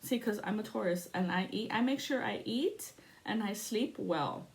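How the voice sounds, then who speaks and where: A woman's voice: medium pitch, normal speed. A woman giving a casual spiritual reading, chatty and profane, laughing often and shifting into a spoken prayer to invoke spirits. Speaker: spiritual reader.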